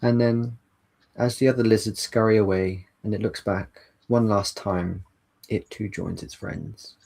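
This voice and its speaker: A man runs a tabletop role-playing game, narrating scenes in a slow, unhurried way. His low voice carries a gravelly fry. It also has a husky edge. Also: steady tone, a little mellow. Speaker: game master.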